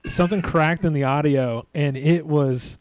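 Rambling, laughing man with a higher voice. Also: normal speed, a little mellow, no echo. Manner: rambling, laughing, self-deprecating. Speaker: podcast host. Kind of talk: casual chat. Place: away from home, remote.

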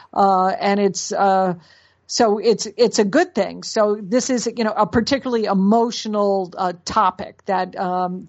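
A woman's voice: medium pitch, darkish tone, lo-fi sound. A woman co-hosting a podcast in casual chat, chatty, with many fillers and restarts. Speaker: podcast co-host.

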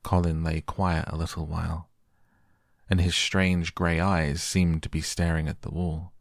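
A man reads a storybook aloud to help listeners fall asleep, gentle and unhurried. His voice is deep with a gravelly edge. The recording is close and dry, with no room sound. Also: flat delivery, no echo. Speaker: audiobook reader. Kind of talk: soft bedtime audiobook narration.

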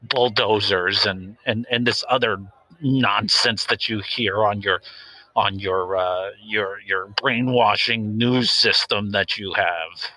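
A man's voice: on the low side, fairly even intonation, slow, sharp tone, no room sound, exaggerated voice, low-quality recording. A man playing an earnest young self-styled safety officer in an improvised mock interview, talking hesitantly with many fillers and getting defensive.

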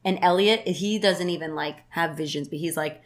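A woman's voice: on the low side, normal speed. A woman co-hosting a casual podcast, retelling a film plot in a chatty way with lots of "like". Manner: chatty storyteller, says "like" a lot, quotes characters in a livelier voice.

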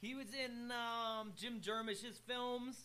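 A man's voice: very high-pitched, fairly even intonation, takes it slowly, a crowd in the background. A young man co-hosting a casual show, rambling about football and fantasy league, often repeating words and laughing. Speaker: radio show co-host. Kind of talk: casual sports chat.

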